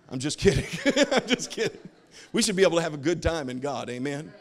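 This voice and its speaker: A man's voice: a little high, expressive, fairly quick. A man in his thirties preaching a sermon as a pastor, telling funny family stories and laughing at his own jokes.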